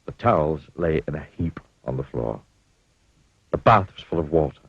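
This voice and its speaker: A man narrating a children's cartoon story in a gently wry storytelling manner. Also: a bass voice, lively intonation, normal speed, vocal fry, breathy edge, dry recording. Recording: dull lo-fi old cartoon audio.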